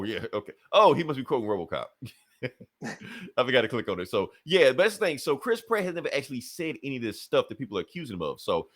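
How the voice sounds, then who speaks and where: Animated laughing male podcaster. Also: medium pitch. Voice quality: animated, swearing, laughs often. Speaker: podcast co-host. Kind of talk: casual chat.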